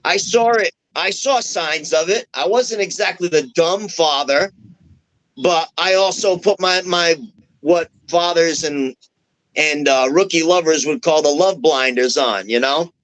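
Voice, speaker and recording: A man's voice: fairly high pitch, measured pace, low-quality recording. A man on a podcast telling a long story in casual, profane talk, acting out the dialogue as he goes. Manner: profane, animated, acts out quoted dialogue. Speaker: wrestler guest.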